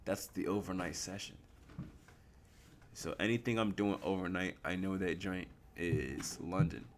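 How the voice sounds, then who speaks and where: Young man, very low voice, laid-back slangy live trading commentary that answers its own questions. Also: measured pace, a little hiss or hum. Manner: relaxed, slangy and explanatory, asks and answers his own questions. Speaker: livestreaming forex trader.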